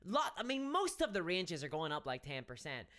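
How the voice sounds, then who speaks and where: A woman's voice: lowish voice, big pitch swings, moderate pace, a bit bright. An Irish woman hosting a casual live stream, chatty and wry, with frequent restarts. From Ireland. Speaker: miniatures channel host.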